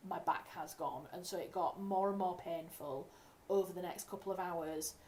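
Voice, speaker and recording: A woman's voice: lowish voice, fairly even intonation, moderate pace, a little mellow. A young woman from England chats casually to her livestream viewers from home. She rambles and corrects herself mid-sentence, speaking into a desk mic over faint background hiss. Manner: chatty, rambling, self-correcting. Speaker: writer hosting a livestream. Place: home room.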